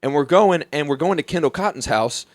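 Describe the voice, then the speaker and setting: A young man from Alabama, a comedian guest telling a story in a profane, animated way, laughing as he goes. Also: on the high side, brisk, no echo, clean studio sound. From Mobile, Alabama, US. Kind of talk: casual storytelling.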